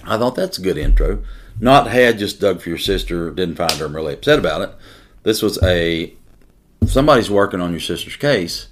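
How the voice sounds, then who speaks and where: Speaking in a low, animated voice, a middle-aged police detective relates a personal experience during an interview. He sounds earnest and emotional and keeps breaking off to start again.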